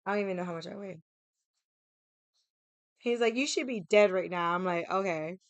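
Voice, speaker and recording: A young woman telling a story in an animated, casual way, laughing and swearing as she acts out every voice in it. Her voice is smooth and clear. The sound is dry and close, with no room echo. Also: medium pitch, moderate pace. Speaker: vlogger.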